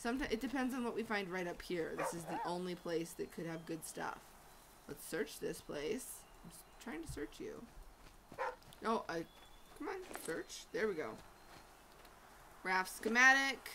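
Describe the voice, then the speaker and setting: A woman's voice: lowish voice, expressive, measured pace, creaky, long pauses, very noisy. A woman playing a video game and commenting as she goes, chatting to her in-game dog and crying out in frantic repeats when things go wrong. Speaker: gaming channel host. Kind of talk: let's play commentary. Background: loud game music.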